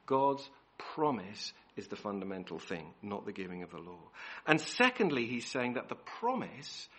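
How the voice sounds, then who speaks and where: A man's voice: mid-range voice, fairly bright tone. A man preaching a sermon, emphatic and repeating key words, often restarting his phrases. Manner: self-correcting restarts.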